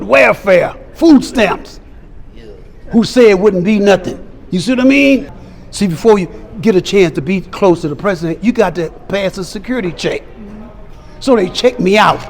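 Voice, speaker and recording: This older man, a celebrity guest at a fan convention, has a high, gravelly voice and an animated delivery at a moderate pace. In a storytelling interview he stresses his points and voices the quoted lines of the people he describes.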